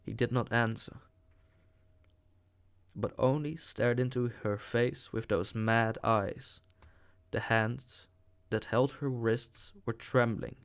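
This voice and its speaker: A man reading a novel aloud in a slow, deliberate way. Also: medium pitch, creaky, clear, resonant tone. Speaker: audiobook reader.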